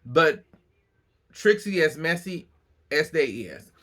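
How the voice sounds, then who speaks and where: A man recapping a reality show episode in casual, animated storytelling, acting out the cast's lines and often breaking into laughter. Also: a little high, slow. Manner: animated storytelling, acts out cast quotes, laughs a lot.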